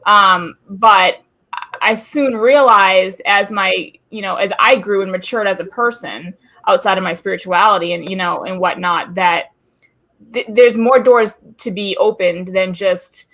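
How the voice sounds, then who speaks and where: Bright-voiced woman co-host, candid and profane storyteller, casual live chat. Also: medium pitch, measured pace. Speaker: co-host of a witchcraft talk show. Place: home room.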